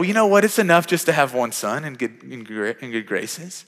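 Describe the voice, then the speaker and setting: A man preaches a sermon and tells a story as he goes. He talks in a conversational way, stumbling over repeated words and then rising to emphatic peaks. His voice sits at a medium pitch and carries a long church-hall reverb. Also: big pitch swings, moderate pace, hardly any pauses. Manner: conversational, repeats words when starting phrases, builds to louder emphatic peaks. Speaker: pastor. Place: church sanctuary.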